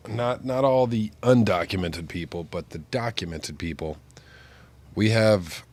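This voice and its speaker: A man streaming while sick with the flu, his voice congested and nasal, chatting casually and joking as he rambles. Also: lowish voice. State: congested, stuffy nose from flu. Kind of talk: casual chat while gaming.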